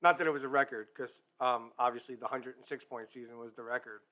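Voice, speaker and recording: A man's voice: mid-range voice, fairly even intonation, quick pace, sharp tone. A man hosting a hockey talk live stream, chatty and upbeat, talking straight to his viewers. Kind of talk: casual live-stream chat.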